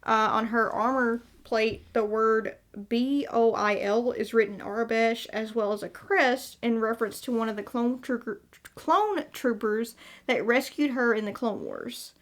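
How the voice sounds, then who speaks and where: A woman's voice: fairly high pitch, measured pace. A woman from the American South with a Southern accent, co-hosting a fan podcast in casual chat, hesitant and full of fillers as she reads episode trivia. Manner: hesitant, filler-heavy, recaps episode notes. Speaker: podcast co-host.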